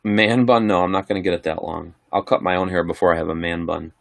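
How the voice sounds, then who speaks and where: A man's voice: low-pitched, fairly even intonation, fast, vocal fry, no echo. A middle-aged man casually chatting on a livestream, answering viewer questions in a rambling, laid-back way. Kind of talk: casual live chat.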